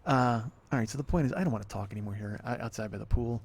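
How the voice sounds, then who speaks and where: A man's voice: mid-range voice, fast, breathy edge. A man hosting a solo podcast outdoors by an apartment pool, frustrated and swearing as he rambles. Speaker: podcast host. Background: wind and planes overhead.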